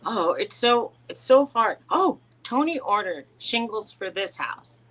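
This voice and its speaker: A woman's voice: mid-range voice, very animated, a little slow, a bit bright, rough recording. A middle-aged woman co-hosting a casual chat, telling rambling stories with frequent restarts and laughs. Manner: rambling storyteller, laughs often, many restarts. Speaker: co-host.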